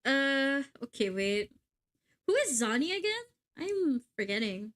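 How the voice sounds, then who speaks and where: A young woman livestreaming a game, chatting excitedly and swearing casually at her gear. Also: high-pitched, unhurried. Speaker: VTuber streamer.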